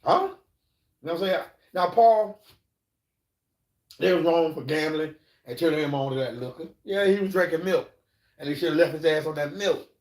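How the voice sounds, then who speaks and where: A man's voice: a little high, normal speed, pauses often, darkish tone. A man live-streaming, telling stories in a rambling, profane way and checking in with listeners, in an echoey room. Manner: rambling, profane, keeps asking "you know what I'm saying". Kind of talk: casual storytelling.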